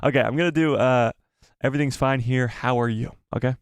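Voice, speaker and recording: A man hosting a casual live stream, excitable, swearing and reading the chat aloud. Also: mid-range voice, fairly quick, smooth, no echo.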